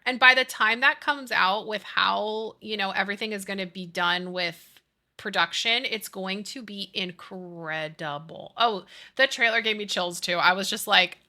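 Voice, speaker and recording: Very bright giggly woman streamer. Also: medium pitch. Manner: gushing, giggly, talks to chat. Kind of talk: casual chat with chat while gaming.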